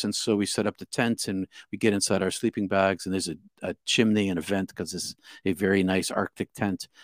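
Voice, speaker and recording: A man telling a personal story out loud, in a halting way with many repeated starts. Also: low voice, no echo, studio quality. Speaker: guest telling his story. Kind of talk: casual spoken storytelling.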